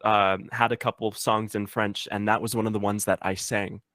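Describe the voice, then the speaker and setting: A man's voice: on the low side, little pitch movement, normal speed, fairly bright tone, dry recording, studio quality. A young man guesting on a casual interview, easygoing, with a slight cold. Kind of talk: casual chat.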